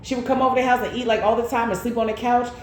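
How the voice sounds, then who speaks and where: Animated woman in an echoey room. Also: on the high side, racing. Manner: animated storytelling with slang. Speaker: tarot reader. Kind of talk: casual chat. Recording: echoey room with faint noise.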